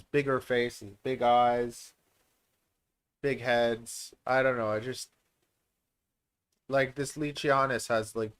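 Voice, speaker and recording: A man's voice: mid-range voice, a bit bright, smooth. Brief: a man from Canada hosting a casual reptile Q&A stream, rambling and self-mocking. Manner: rambling, self-deprecating, many filler words. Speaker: reptile breeder and channel host.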